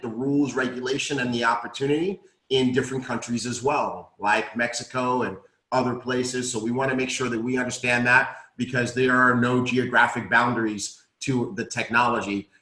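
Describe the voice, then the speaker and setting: A persuasive male presenter talks straight to his audience with eager energy. His tone is bright and forward. The room adds a noticeable echo around him. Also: mid-range voice. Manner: enthusiastic, persuasive, addresses audience directly. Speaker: company co-founder presenting a recap. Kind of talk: upbeat business recap talk. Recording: roomy echo.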